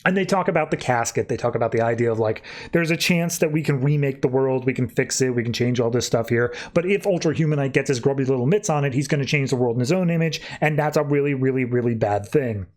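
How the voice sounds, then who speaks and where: A man's voice: mid-range voice, fast talker, few pauses. Host, male, rambling casual comics recap. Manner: rambling, animated storyteller. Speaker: podcast host.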